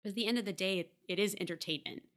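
A woman's voice: mid-range voice, racing, fairly bright tone, a little hiss or hum. A woman co-hosting a podcast, talking sports in an earnest, conversational way with some stammered restarts. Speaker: podcast co-host. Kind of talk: casual sports talk.

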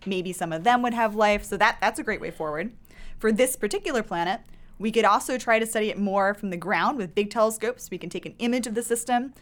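A woman, a postdoctoral astronomer and podcast guest, explaining science calmly and methodically. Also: medium pitch, fast. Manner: calm, clear, methodical explanations.

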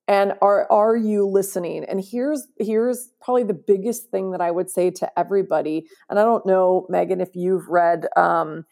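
A woman's voice: medium pitch, moderate pace, gravelly, few pauses, warm tone. A woman speaking as a podcast guest, earnest and emphatic, often checking in with "right?". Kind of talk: conversational interview.

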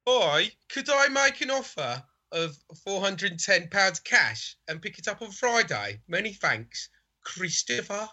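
A man's voice: sits high, very animated, a little slow, bright, forceful tone, heavily acted. A man putting on a Birmingham accent to voice a polite, formal male bike buyer reading his messages. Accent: Birmingham, put on.

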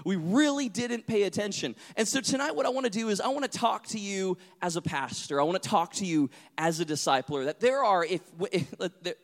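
A man preaching a sermon as pastor, telling a story with lively acted-out voices. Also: high-pitched, fairly quick, few pauses. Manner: animated storyteller, acts out voices. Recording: long hall reverb.

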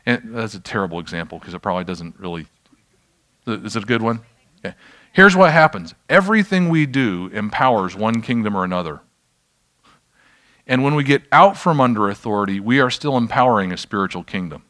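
Low-voiced man preaching casually to a room. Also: very animated, brisk, fairly bright tone. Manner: conversational, self-deprecating, checks in with the audience. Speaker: pastor teaching a class. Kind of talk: informal sermon teaching. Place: church room with an audience.

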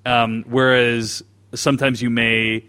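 A man co-hosting a casual podcast discussion, with a voice of ordinary middle pitch. He works through his ideas slowly and thoughtfully, often stopping and restarting his sentences. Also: level tone, pushed and bright, clean tone. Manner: thoughtful, hesitant with many restarts. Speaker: podcast co-host.

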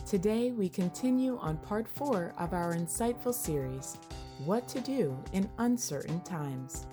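A woman giving a smooth, measured scripted introduction as program announcer. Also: mid-range voice, lively intonation, mellow. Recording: voice-over with music bed.

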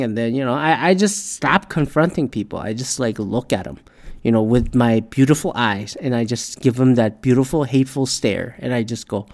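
A man's voice: mid-range voice, brisk, darkish tone. A man ranting in a casual, profane, rambling monologue, full of restarts and swearing. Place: Detroit area.

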